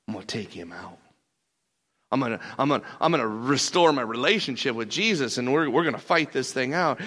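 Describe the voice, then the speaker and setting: A man performing a burly, blunt apostle in a rambling, excitable first-person sermon monologue. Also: on the high side, creaky, breathy edge, exaggerated voice. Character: burly rough-talking apostle Peter, impulsive and blunt.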